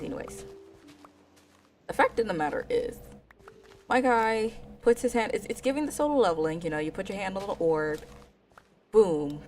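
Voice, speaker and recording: Woman, streamer, casual rambling, slangy asides, faint background music. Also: on the low side. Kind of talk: casual gaming stream chat.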